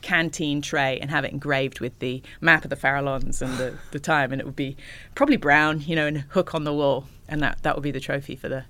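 A woman, an ocean rower, telling stories as a guest in a casual interview, animated and laughing often. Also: low-pitched, a little fast, few pauses.

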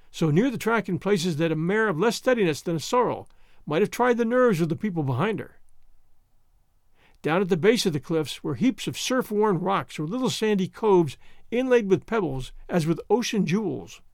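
A man narrating a classic novel as an audiobook, in a measured, expressive storytelling manner. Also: high-pitched, vocal fry, dry recording, studio quality. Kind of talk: scripted narration.

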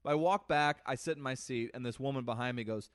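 A man co-hosting a podcast, telling a comic story in a lively, animated way that swings between loud and soft. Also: medium pitch, brisk, no echo, studio quality. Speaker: podcast co-host. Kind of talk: casual chat, comic storytelling.

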